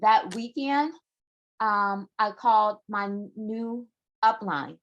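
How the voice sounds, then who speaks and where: A woman hosting a live morning chat show, telling a personal story in a chatty, animated way and acting out what others said. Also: medium pitch, slow, highs cut off, slight background noise. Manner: chatty, animated, acts out quoted voices. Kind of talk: casual live-stream storytelling.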